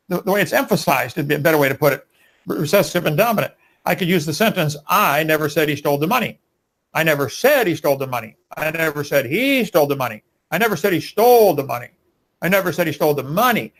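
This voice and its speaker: A man's voice: fairly high pitch, poor audio. A man arguing in a live debate, preachy and emphatic, firing rhetorical questions.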